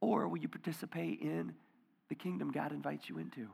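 A male pastor giving a conversational sermon, dropping to hushed near-whispers and rising to loud emphatic bursts. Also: a little high, steady tone, a little fast, vocal fry, slightly rough, in a large hall. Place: church auditorium.

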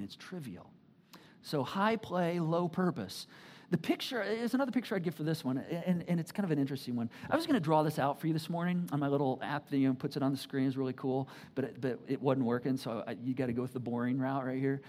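Chatty preacher, keeps asking "right?", swings from low asides to loud bursts. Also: quick pace. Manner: animated, conversational, frequent "right?" asides. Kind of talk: sermon.

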